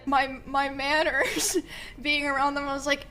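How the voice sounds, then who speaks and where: A young woman streamer with a high, bright voice tells family stories to her live chat. She is chatty and giggles through her sentences, saying 'like' constantly. Soft music plays faintly behind her. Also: steady tone, measured pace. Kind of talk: casual storytelling to a live chat.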